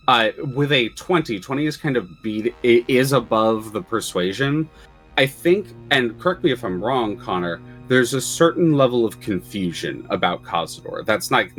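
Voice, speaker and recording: Low-voiced man running a tabletop game. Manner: relaxed, hesitant with many uhs. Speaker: game master.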